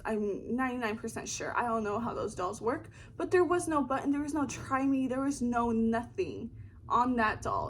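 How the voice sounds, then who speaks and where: A young woman vlogging from her apartment, telling a story casually, rambling and swearing freely. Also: a little high. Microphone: camera in front of her.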